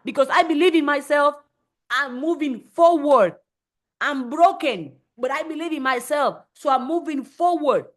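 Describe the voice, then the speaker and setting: A woman with a high voice hosts a motivational live stream. She talks emphatically, hammering home her points by repeating phrases. She often slips into acted voices when she quotes people. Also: normal speed.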